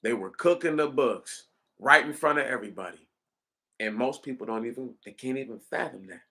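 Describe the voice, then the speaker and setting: A man delivering a casual, rambling monologue, animated and profane, speaking straight to his listeners. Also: mid-range voice, fairly quick, creaky. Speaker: commentator.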